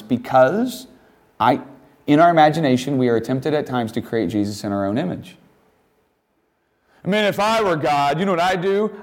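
A man teaching a Bible lesson, reading passages aloud and acting out quoted lines with animated voices. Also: medium pitch.

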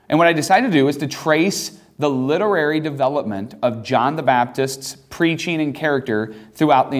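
A man teaching a classroom Bible lesson, talking emphatically and reading scripture aloud in a raised voice. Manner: emphatic, reads scripture aloud with rising pitch.

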